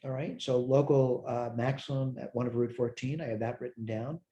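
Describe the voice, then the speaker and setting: Brisk and warm, with fairly even intonation in a mid-range voice, a tired man delivers a recorded math lecture. As he works through problems he thinks aloud, corrects himself, and responds to his own questions.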